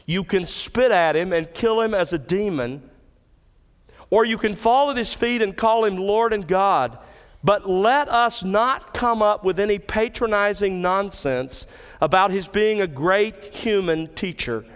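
A man preaching from the pulpit, his voice somewhat higher than most and smooth and resonant. He stresses key words with emphatic lifts. His voice rings out through a hall with a long reverb. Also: measured pace. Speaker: pastor. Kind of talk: expository sermon.

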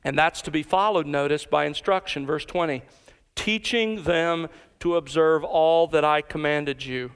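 A pastor preaching an emphatic expository sermon, slowing down to stress key words. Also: male voice, fairly high pitch, fairly bright tone, clear, resonant tone.

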